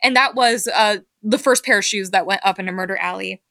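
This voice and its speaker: A woman telling lively stories in casual chat, acting out quotes and laughing. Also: medium pitch, fairly quick, creaky, no room sound. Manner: animated, acts out quotes with laughter. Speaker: guest.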